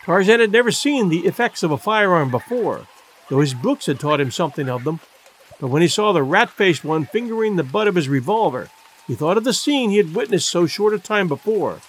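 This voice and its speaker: Expressive male audiobook narrator. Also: sits high, breathy edge. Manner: measured, expressive storytelling. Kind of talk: scripted narration.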